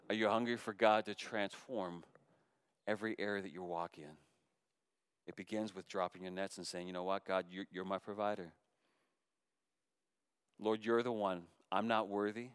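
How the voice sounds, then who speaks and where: A man, a middle-aged pastor, preaching a sermon that moves between loud impassioned calls and soft, hushed appeals. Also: lowish voice, clear, resonant tone, no echo, clean studio sound.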